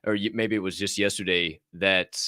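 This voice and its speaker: A man's voice: low voice, fairly even intonation, moderate pace, sharp tone, smooth, no room sound, studio quality. A man hosting a casual podcast, enthusiastic and profane, often restarting his sentences. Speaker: host.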